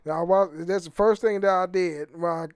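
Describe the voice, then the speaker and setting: A young man with a fairly high voice rambles through his own podcast, swearing freely and tripping over repeated words. The sound is close and dry, with no room around it. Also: fairly even intonation, normal speed, clear, resonant tone, no room sound. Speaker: podcast host. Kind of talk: rambling casual monologue.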